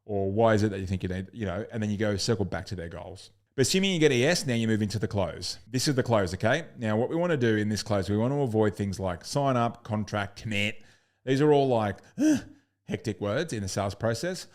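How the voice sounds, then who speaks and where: A man's voice: fairly low pitch, animated, fast talker, darkish tone. A man coaching sales in a recorded lesson, blunt and upbeat, swearing casually and acting out customer calls.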